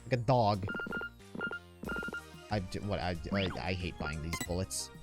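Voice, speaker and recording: A man's voice: deep voice, a little slow, over loud music. A man doing let's play commentary, reading game text aloud with put-on voices between casual remarks. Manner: animated, reads game lines with put-on voices. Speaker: gaming YouTuber.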